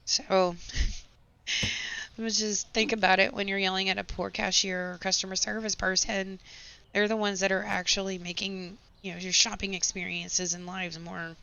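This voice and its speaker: A woman, hoarse with her voice nearly gone, chatting and venting sarcastically while playing a game. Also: medium pitch, level tone, measured pace, sharp tone. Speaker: gaming channel host. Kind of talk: casual gameplay chat with storytelling. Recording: slightly dull home recording with faint background noise.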